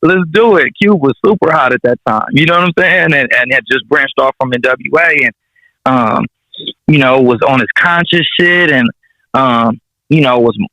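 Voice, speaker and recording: A man's voice: medium pitch, normal speed, sharp tone, dry recording. A man, a rapper guest telling stories in a casual interview, slangy and profane, chuckling as he goes. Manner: laid-back, slangy and profane, chuckling through anecdotes. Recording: dull, dry sound.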